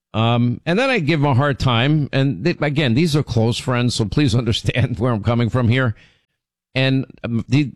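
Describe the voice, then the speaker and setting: A man hosting a radio show, telling stories in casual chat, his voice jumping up in pitch when he gets indignant. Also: no room sound. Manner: animated storytelling, pitch jumps when indignant.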